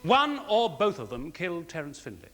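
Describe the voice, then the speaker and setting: An actor playing a prosecuting barrister delivering a formal, rhetorical closing speech to a jury in a 1970s television courtroom drama. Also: male voice, on the high side, sing-song, normal speed, a bit bright, in a large hall. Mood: persuasive. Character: measured male barrister giving closing speech. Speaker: prosecuting counsel.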